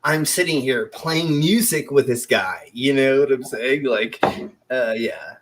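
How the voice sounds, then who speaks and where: A man's voice: mid-range voice, animated, measured pace. Rambling young man hosting a chat show. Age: 20s. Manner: rambling, lots of fillers and restarts. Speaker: show host. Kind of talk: casual storytelling chat.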